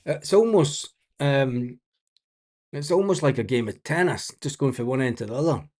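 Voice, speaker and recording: A man's voice: mid-range voice, expressive, normal speed, a little mellow. A man giving blunt, exasperated live match commentary as a watch-along host, swearing freely and laughing often.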